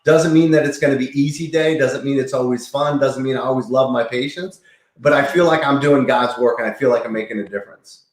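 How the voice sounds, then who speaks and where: A man's voice: mid-range voice, brisk. Earnest middle-aged man, echoey room. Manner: earnest, enthusiastic, with frequent restarts. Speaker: chiropractor, interview guest. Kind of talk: casual interview talk.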